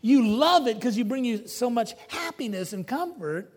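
A man preaching a sermon, emphatic, swinging between loud declarations and hushed asides. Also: very high voice, lively intonation, moderate pace, husky. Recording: long reverb of a large hall.

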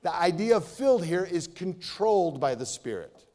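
A middle-aged man preaching a sermon in a church. He talks in a conversational way, swinging between loud and hushed. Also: high-pitched, sing-song, normal speed. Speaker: pastor. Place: church sanctuary. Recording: long reverb of a large hall.

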